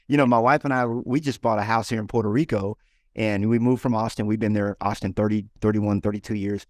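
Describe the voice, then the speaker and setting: A man's voice: on the low side, steady tone, a little fast, no room sound, clean studio sound. A man in a casual interview who talks animatedly, acting out imagined inner dialogue and often repeating words as he restarts. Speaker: guest entrepreneur and author.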